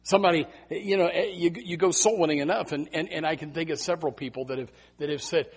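A man preaching a sermon, swinging from loud emphasis to hushed tones and often repeating phrases. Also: on the high side, fast talker, few pauses, slightly rough. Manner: repeats phrases and stammers restarts. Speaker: pastor.

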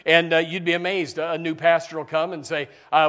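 A man's voice: on the high side, flat delivery, a little fast, hardly any pauses, a bit bright, a little hiss or hum. A male pastor preaching a folksy sermon and breaking now and then into mocking put-on voices.

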